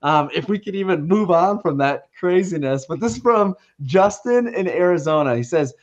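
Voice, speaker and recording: A man co-hosting a podcast, casual and excitable, who keeps calling people dude. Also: high voice, moderate pace, muffled recording. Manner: excitable, says dude a lot. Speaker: podcast co-host. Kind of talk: casual chat.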